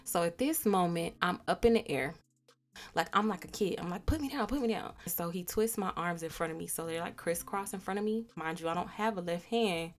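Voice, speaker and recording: Young female host, lower register, blunt, animated personal storyteller. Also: a little fast. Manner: candid, profane, animated retelling with quoted dialogue. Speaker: podcast host.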